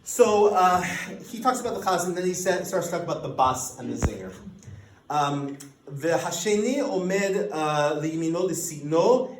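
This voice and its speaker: A man giving an academic lecture, lively and animated, often restarting his sentences as he explains a source. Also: a little high, reverberant, poor audio. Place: lecture room.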